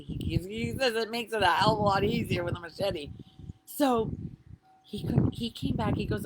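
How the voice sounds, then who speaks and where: A middle-aged woman telling a story in a casual, lively way, laughing often and swearing now and then. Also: medium pitch, moderate pace, heavy background noise. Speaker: vlogger.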